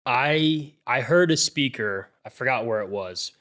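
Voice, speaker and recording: A man hosting a conversational interview, chatty and relaxed. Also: mid-range voice, a little slow. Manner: chatty, relaxed, builds on guest's points. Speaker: podcast host, interviewer.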